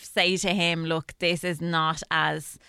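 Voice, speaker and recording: Woman, podcast co-host, casual storyteller; smooth, bright tone. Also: deep voice, slow pace, no echo, clean studio sound. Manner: chatty storyteller, lively quoting voices. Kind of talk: casual chat.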